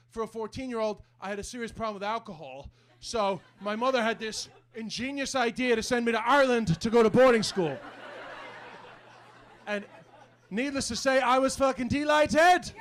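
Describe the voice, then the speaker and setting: High, fast-talking New York comic. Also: male voice, fairly bright tone. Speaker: stand-up comedian. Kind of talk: stand-up set. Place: comedy club stage.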